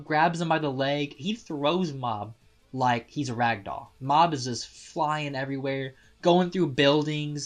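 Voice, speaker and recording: A man casually recapping and reviewing an anime episode, excitable, laughing often and restarting his sentences. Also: medium pitch.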